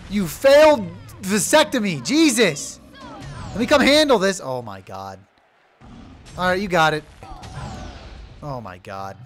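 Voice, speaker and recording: A young man giving loud, profane let's play commentary, yelling at his game companion. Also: high-pitched, measured pace, pauses often, soft background music. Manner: excitable, swears loudly, yells at his companion. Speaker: gaming video creator.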